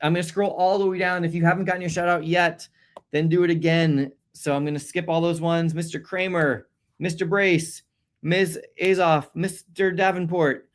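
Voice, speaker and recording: Man, somewhat high voice, live-stream review host, casual chatty delivery, fumbles names. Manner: chatty, rattling off viewer shout-outs; stumbles over names and apologizes.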